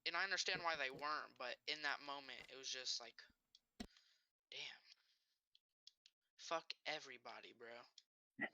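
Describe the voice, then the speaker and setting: A co-host making quiet, laid-back joking remarks in a casual podcast chat. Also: medium pitch, unhurried, long pauses, a little hiss or hum.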